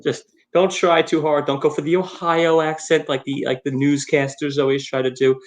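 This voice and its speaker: A man's voice: a little high, little pitch movement, moderate pace. Man with dry wisecracks. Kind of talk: casual chat.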